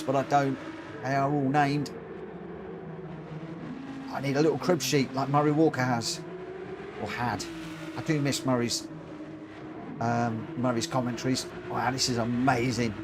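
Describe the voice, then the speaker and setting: A man streaming online races, giving excitable live commentary and chatting with viewers. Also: medium pitch, noisy background. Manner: excitable, rising into animated commentary. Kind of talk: live race commentary and chat.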